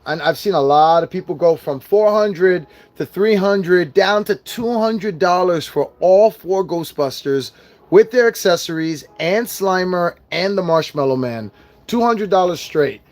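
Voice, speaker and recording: A man's voice: high-pitched, animated, measured pace, a little mellow. A young man ranting casually as he unboxes and reviews collectible figures, swearing often and venting his frustration. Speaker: toy reviewer.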